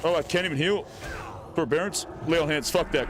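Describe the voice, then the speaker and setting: An excitable man narrates his game live, teasing the characters he meets. His voice sits a little high, and a faint hiss runs underneath. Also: fairly quick. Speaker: streamer. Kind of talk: casual gameplay commentary.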